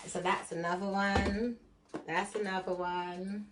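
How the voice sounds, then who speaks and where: A woman's voice: mid-range voice, level tone, takes it slowly, slight background noise. Laughing, chatty woman on a livestream. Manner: chatty, laughs often, mixes patois and London slang. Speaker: livestream host and card reader. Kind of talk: casual livestream chat with viewers.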